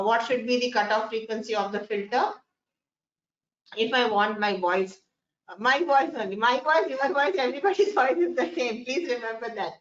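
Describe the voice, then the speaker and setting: A woman giving a classroom lecture, often repeating phrases and putting questions to her students. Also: a little high. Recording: echoey, dull lo-fi room sound.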